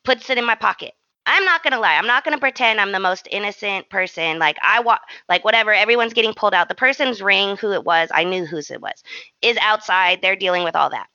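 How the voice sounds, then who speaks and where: A young adult woman co-hosting a podcast, telling a story in an animated, slangy, self-mocking way. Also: medium pitch, quick pace, dry recording, highs cut off. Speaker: podcast co-host. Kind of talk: casual storytelling chat.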